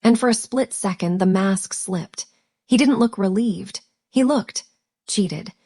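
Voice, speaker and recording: Woman with tense, measured storytelling. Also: medium pitch, dark tone. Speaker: narrator. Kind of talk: scripted first-person drama narration.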